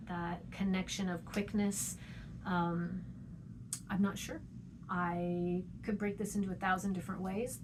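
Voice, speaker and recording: A woman's voice: mid-range voice, slight background noise. A woman teaching a poetry lesson, chatty, checking in with "okay?" and "right?", and sounding out rhythms with playful noises.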